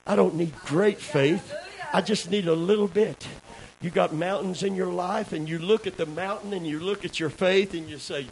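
A man preaching a sermon, dropping low for asides and rising to loud shouts while calling for amens. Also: moderate pace, poor audio. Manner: calls for amens from the congregation. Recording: faint hiss.

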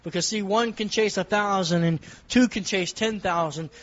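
A man's voice: high voice, normal speed, a bit bright, lo-fi sound. A man giving an earnest testimony from the pulpit with a repetitive preaching cadence. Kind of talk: sermon testimony.

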